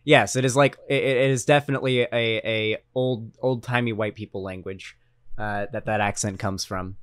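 A man's voice: fairly low pitch, steady tone, normal speed, clear, resonant tone, no echo, clean studio sound. Rambling man reacting on stream. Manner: rambling, loose, talks to chat. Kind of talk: casual commentary chat.

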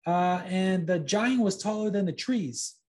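A man's voice: sits high, measured pace, darkish tone, pitched above the performer's own voice. A man voicing a fibbing wooden puppet boy who hesitates with ums. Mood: pleading.

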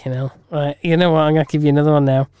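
A man's voice: a little high, fairly even intonation, rapid-fire, darkish tone, smooth, no echo. A man co-hosting a podcast in casual chat, laughing often, with dry, teasing humour. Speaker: podcast co-host.

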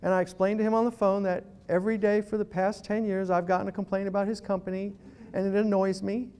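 Animated male speaker telling stories. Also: sits high, fast talker, clear, resonant tone. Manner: animated storytelling, acting out phone calls. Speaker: guest speaker. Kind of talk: humorous talk to a live audience.

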